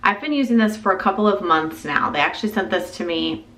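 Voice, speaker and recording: A woman's voice: mid-range voice, quick pace, a bit bright. Chatty woman vlogging from a porch. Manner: chatty, laughing asides. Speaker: vlogger, mother. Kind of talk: casual vlog chat. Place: outdoors on a front porch.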